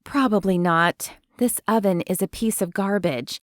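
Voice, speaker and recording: A woman's voice: medium pitch, unhurried, no room sound, lightly acted. A woman voicing a flustered sweet young woman. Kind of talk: audiobook character voice.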